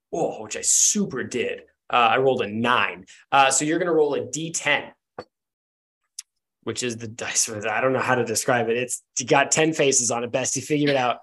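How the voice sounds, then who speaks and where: A man's voice: medium pitch, a bit bright. A man narrating as game master in a casual, rambling way with many fillers.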